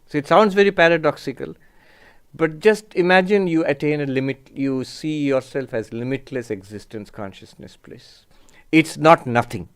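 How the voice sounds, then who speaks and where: A man gives an unhurried spiritual lecture, reflecting aloud and pausing over terms. His voice is smooth and resonant, sitting slightly high for a man. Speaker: spiritual teacher. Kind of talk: lecture with audience questions.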